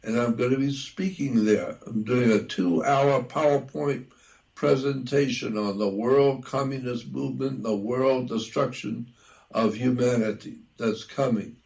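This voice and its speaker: A man speaking as an interview guest, talking deliberately and repeating key details for emphasis. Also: medium pitch, gravelly, a little mellow, muffled recording. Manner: spells out words letter by letter. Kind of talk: conversational interview.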